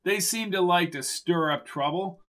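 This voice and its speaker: Frightened, defiant woman, read by a man in a raised voice; sharp and suspicious, storybook reading. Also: high voice, a little slow, pitched above the performer's own voice. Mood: tense, defiant.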